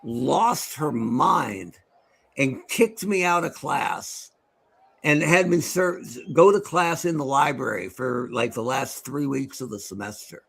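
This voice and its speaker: This middle-aged podcast co-host has a medium-pitched, creaky voice with a breathy edge and takes his time speaking. He's a lively storyteller who chats casually, calls a game, and laughs frequently.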